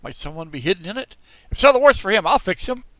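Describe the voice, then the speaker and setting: A man's voice: fairly high pitch, big pitch swings, fairly quick, a bit bright, no room sound. A man voicing a jumpy, blustering old carpenter in a storybook reading, stammering a little. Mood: frightened blustering.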